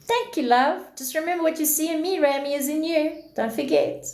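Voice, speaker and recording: A woman giving a spiritual talk on a live stream, answering her chat and repeating key phrases slowly for emphasis. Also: high-pitched, darkish tone, roomy sound.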